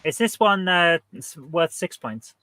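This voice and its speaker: A man's voice: fairly high pitch, animated, a little slow, bright, forceful tone. A man co-hosting a casual quiz chat, joking and laughing often.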